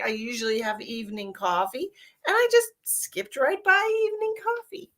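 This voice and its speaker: A woman's voice: on the high side, lively intonation, moderate pace, a bit bright. A middle-aged woman, chatting casually and rambling on a live stream as a psychic medium, giggly and affectionate with her viewers.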